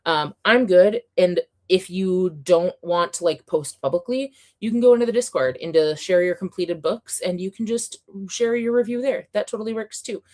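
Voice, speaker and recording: A woman's voice: lowish voice, normal speed, hardly any pauses, darkish tone. A woman hosting a casual livestream, chatting in an upbeat way and reading viewer comments aloud, with plenty of fillers and light laughs. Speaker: livestream host reading chat.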